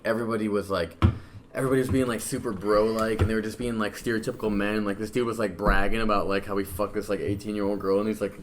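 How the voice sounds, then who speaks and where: A man's voice: lowish voice, a little hiss or hum. A young man with a Midwestern American accent, talking as a podcast guest in a loose, rambling way full of slang and swearing. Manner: rambling, slangy and profane, keeps saying bro; drinking beer while talking. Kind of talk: casual conversation.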